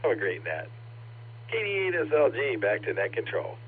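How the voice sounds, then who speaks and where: A tired man checking into an amateur radio net, polite and unhurried. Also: mid-range voice, huge pitch swings. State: tired, short on sleep. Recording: narrow, lightly hissy radio transmission.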